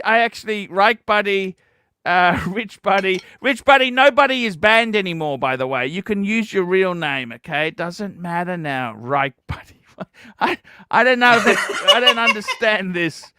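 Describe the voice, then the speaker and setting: A man hosting a livestream, ranting profanely and breaking into shouts. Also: very high-pitched, clear, resonant tone. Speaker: livestream host.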